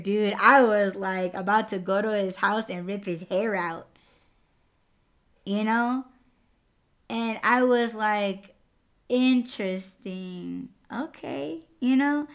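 A young adult woman hosting a podcast, telling a personal story in a candid, profane, casual way. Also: medium pitch. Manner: candid and profane, lively swings in loudness. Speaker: podcast host.

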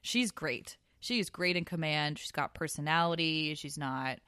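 A woman co-hosting a podcast, chatting casually and animatedly, with quick asides and laughs. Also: low voice, pushed and bright, smooth, no echo, studio quality. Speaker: podcast co-host. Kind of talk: casual chat.

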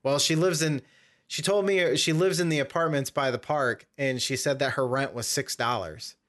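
Speaking at a normal speed in a mid-range, fairly bright voice, a young podcast host wanders through a lengthy story in a casual chat. He often stops to correct himself.

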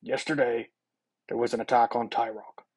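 A man's voice: mid-range voice, little pitch movement, moderate pace, a little mellow, breathy edge, lightly acted. A man voicing a young, determined king who makes grave, commanding announcements in a sci-fi audio story.

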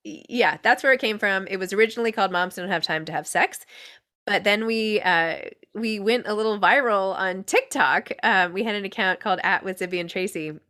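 A woman's voice: medium pitch, fairly quick, pushed and bright. A middle-aged woman guest on a podcast, telling a story in a chatty, self-deprecating way and giggling often. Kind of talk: casual interview chat.

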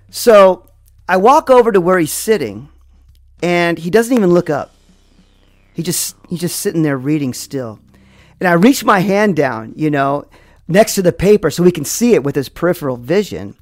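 A man recounts a personal story at an unhurried, dramatic pace, sprinkling in fillers. His pitch rises and falls expressively. The sound is dry and close, with faint music beneath. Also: big pitch swings, no echo. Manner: slow, dramatic delivery with many fillers. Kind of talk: first-person spoken storytelling.

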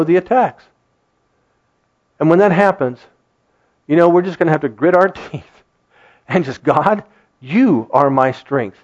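Male pastor, animated sermon delivery, lively intonation, dull recording. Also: fairly high pitch. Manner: animated preaching, acts out quoted voices, laughs often.

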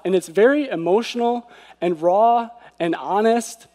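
A man's voice: sits high, unhurried, dark tone. A man giving an earnest devotional sermon who often asks rhetorical questions. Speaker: preacher. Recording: long hall reverb.

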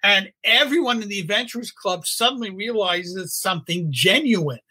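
An older man spins a casual story, bright and a little husky in tone. He acts out quotes and laughs along with his own telling. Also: sits high, lively intonation, moderate pace, poor audio. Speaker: storyteller guest.

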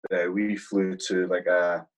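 A man's voice: low-pitched, little pitch movement, measured pace, low-quality recording. A man, an army sergeant, telling war stories in a casual interview, swearing constantly and saying "mate" a lot. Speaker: guest, army platoon sergeant.

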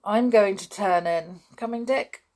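A woman's voice: mid-range voice, a little slow, darkish tone, voice pushed up, natural voice. A woman reading sensible leader boy Julian. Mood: firm. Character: steady older schoolboy Julian, sensible leader.

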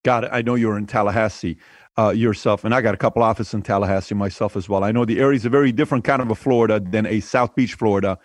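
Man, Persian accent, interview host, rapid chatty questions, dry close mic. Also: fairly low pitch, steady tone, dry recording. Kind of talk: casual interview conversation.

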